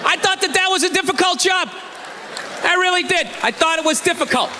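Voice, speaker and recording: A man doing a stand-up routine, ranting with mock outrage and bursts of shouting. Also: very high-pitched, fairly quick, background noise. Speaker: stand-up comedian. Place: theater stage before a live audience. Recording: live hall with crowd laughter.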